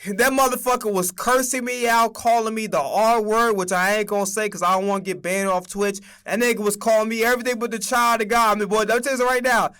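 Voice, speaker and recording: A man's voice: sits high, steady tone, quick pace, hardly any pauses, fairly bright tone, clear, resonant tone. A young man streaming a casual sports rant, emphatic and profane as he argues his takes.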